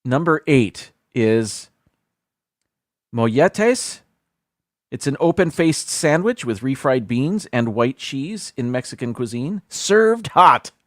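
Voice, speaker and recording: Male streamer host, casual list-reading, lively up-and-down delivery, dry close mic, trips over words. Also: mid-range voice, no echo. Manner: reads haltingly, stumbles over foreign words, self-deprecating asides. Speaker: livestream host.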